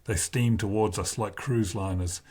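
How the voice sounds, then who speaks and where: A man with a husky voice reading a first-person novel aloud in a slow, deliberate way. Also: fairly low pitch, fairly even intonation, a little mellow. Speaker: narrator.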